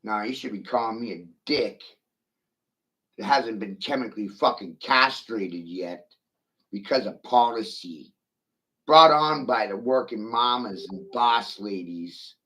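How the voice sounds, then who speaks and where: A man's voice: on the low side, a little slow, bright, forceful tone, rough recording. A middle-aged man in a profane, taunting rant, swearing aggressively at his critics.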